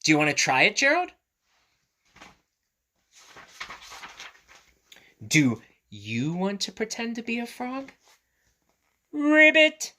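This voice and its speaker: A man squeaking as Piggie, an eager little pig. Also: sing-song, measured pace, bright, forceful tone, exaggerated voice. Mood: playful. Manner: squealing, insistent. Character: excitable little girl pig, eager and encouraging. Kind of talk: storybook read-aloud.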